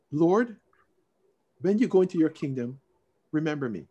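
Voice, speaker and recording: A man with a fairly high voice teaching a Bible study over a video call. He talks in an expressive, emphatic way, lifting his voice to stress a point and then dropping into quiet asides. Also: unhurried, a little hiss or hum. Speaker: Sunday school teacher.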